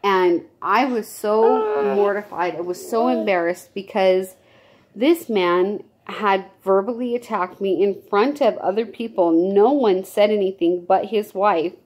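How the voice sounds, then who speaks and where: A woman's voice: medium pitch, lively intonation, a little slow, highs cut off. A woman, telling a true story from her own life in a rambling, casual way, often restarting her sentences. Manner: rambling, restarts and self-corrections. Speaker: vlogger telling a personal story.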